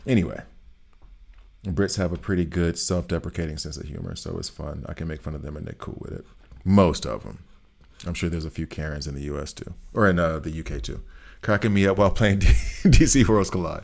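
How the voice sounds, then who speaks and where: A man's voice: deep voice, animated, brisk, darkish tone. A man streaming a video game, chatting casually and joking as he plays, rambling and often laughing. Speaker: gaming streamer. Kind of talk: casual gameplay commentary.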